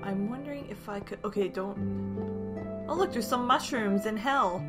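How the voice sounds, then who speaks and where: A young woman giving live commentary on her gameplay, jumpy and exclaiming often as she talks to her viewers, over loud game music. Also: medium pitch, unhurried. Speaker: gaming YouTuber.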